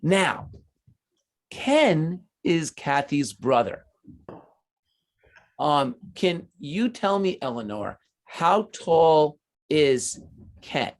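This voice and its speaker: A man's voice: fairly high pitch, lively intonation, very slow, long pauses. A man teaching math to children, patient and encouraging as he explains each step. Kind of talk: online class teaching.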